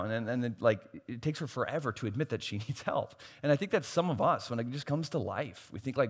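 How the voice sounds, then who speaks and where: A man's voice: medium pitch, animated, a little fast, slightly rough. A man preaching a sermon as a pastor, emphatic and repeating key phrases, with self-deprecating asides. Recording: long hall reverb.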